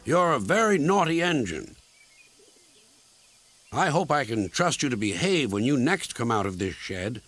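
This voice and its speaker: A man's voice: medium pitch, sing-song, unhurried, long pauses, voice pushed up. A man doing a stern, blunt railway boss. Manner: brief and blunt. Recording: loud music underneath.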